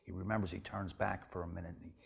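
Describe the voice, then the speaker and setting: A man with a deep, gravelly, very husky voice talks through a film plot the way he would over a table. He keeps it plain and steady and keeps tagging the lines with "he says" and "she says.". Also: rapid-fire. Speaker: storyteller pitching a film plot. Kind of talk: casual spoken film pitch.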